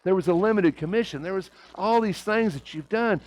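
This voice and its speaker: Brisk and high-voiced, a preacher with a light Oklahoma Southern accent asks his congregation rhetorical questions, his delivery swinging between hushed and raised. A little hiss or hum runs through the poor audio.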